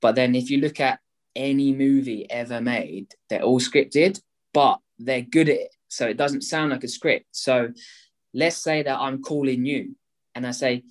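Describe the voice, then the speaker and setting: A man, a guest explaining his property method in an energetic way, acting out both sides of phone calls. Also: medium pitch, measured pace.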